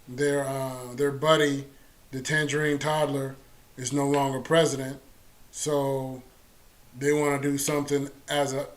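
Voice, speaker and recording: A man's voice: medium pitch, slight background noise. A man hosting a casual political talk stream, sarcastic and loose, with many fillers.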